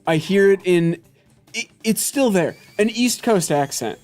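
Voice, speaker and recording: A man's voice: high-pitched, expressive, a little slow, darkish tone, faint music behind. A man co-hosting a casual group chat over a game stream, rambling and laughing often as he repeats himself mid-thought. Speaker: co-host.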